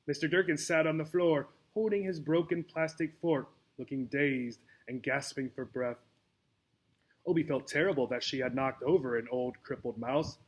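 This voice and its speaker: Man reading a children's book aloud. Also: mid-range voice. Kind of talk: storybook read-aloud.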